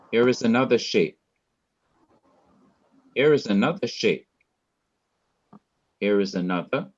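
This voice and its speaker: A man with a Jamaican accent teaching a Hebrew lesson, speaking deliberately, repeating key words and quizzing his students. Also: fairly low pitch. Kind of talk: online Bible language lesson. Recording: dull lo-fi sound.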